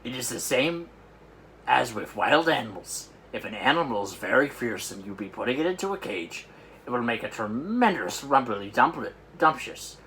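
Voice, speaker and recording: A man doing a booming big friendly giant. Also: big pitch swings, moderate pace. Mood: explaining. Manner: jumbled grammar and made-up words, loud outbursts. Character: big friendly giant, old, huge, excitable.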